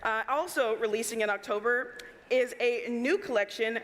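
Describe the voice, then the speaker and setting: A woman presenting game announcements, gushing and laughing between excited exclamations. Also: a little high, moderate pace.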